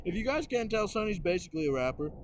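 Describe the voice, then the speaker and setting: A young man hosting a crude comedy chat, telling loud stories full of swearing and laughter and acting out other people's lines. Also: high voice, very animated, fast, background noise. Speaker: podcast host.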